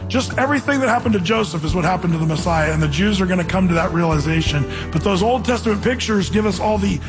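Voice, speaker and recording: A man preaching a sermon in church, animated, acting out the voices he quotes. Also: high-pitched, fast talker, long reverb tail, over music. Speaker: pastor.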